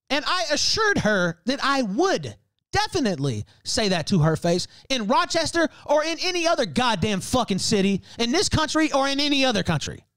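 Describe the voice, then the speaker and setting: A man with a high voice rants on a livestream. His pitch leaps around animatedly, and he swears freely and laughs between heated complaints. The sound is close and dry. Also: sing-song, normal speed, a bit bright, no room sound. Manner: profane, heated ranting with frequent laughs. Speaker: livestream host. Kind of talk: ranting casual talk.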